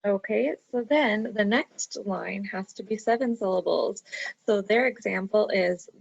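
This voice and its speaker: A woman teacher talks slowly through a recorded online lesson, patient and methodical, counting out syllables step by step. Her voice has a gravelly fry to it. The sound is dry and close but dull and lo-fi, like a computer microphone. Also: mid-range voice, no room sound.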